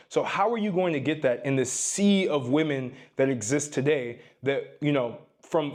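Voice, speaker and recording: A man's voice: mid-range voice, a little mellow. A young man giving dating advice straight to the camera, emphatic and lecturing, shifting his tone up and down to stress his points. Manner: emphatic, lectures the viewer with repeated "you need to"; varies tone on purpose to stress points. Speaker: dating and self-improvement advice creator. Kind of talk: direct-to-camera advice monologue. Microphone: facing camera.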